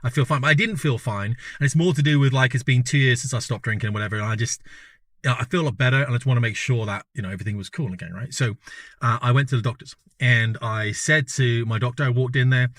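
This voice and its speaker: A man's voice: mid-range voice, quick pace, fairly bright tone, no echo, studio quality. A British man in his fifties telling a story in a casual, chatty way, often checking in with the listener. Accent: British English. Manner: chatty, keeps checking in with "right?" and "you know?". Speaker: vlogger.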